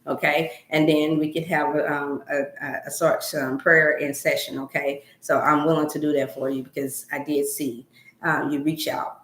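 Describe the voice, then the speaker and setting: A woman's voice: sits low, level tone, normal speed, a bit bright, roomy sound. A middle-aged woman hosting a wellness livestream from her home, chatting in a rambling, folksy way and leading a prayer. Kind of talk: casual livestream chat with prayer. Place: room at home.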